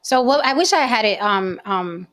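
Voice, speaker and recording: A young woman hosts a casual debate stream in a voice sitting a little high for a woman. She talks bluntly and confrontationally, holding her ground. Her delivery is direct and unapologetic. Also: lively intonation, normal speed, fairly bright tone. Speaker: host.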